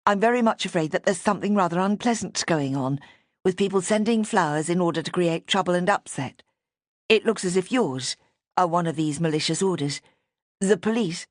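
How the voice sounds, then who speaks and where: A woman's voice: on the low side, a little fast, no room sound, studio quality, natural voice. A woman reading an audiobook voices a nervous florist who over-explains politely. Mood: flustered. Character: nervous flustered female florist, polite and apologetic. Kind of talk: audiobook character voice.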